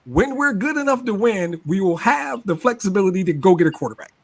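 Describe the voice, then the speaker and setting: A man in casual sports podcast chat, animated, laughing often and repeating words as he argues his point. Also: sits high, brisk. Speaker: sports talk show regular.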